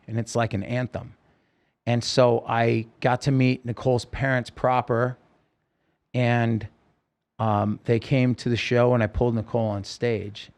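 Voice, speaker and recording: A man's voice: medium pitch, gravelly, darkish tone. A man, a singer-songwriter, telling his own story in a podcast interview, earnest and rambling with many restarts.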